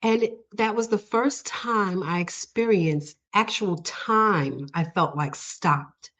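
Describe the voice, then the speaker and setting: A woman's voice: mid-range voice, slow, a bit bright. A woman guest sharing a personal story in conversation, earnest and emotional, laughing often between many fillers. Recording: dull lo-fi audio.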